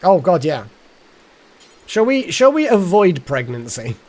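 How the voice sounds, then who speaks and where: Lively-voiced man chatting over a game. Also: high voice, unhurried. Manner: chatty, thinking aloud. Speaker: streamer. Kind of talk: casual live gameplay commentary.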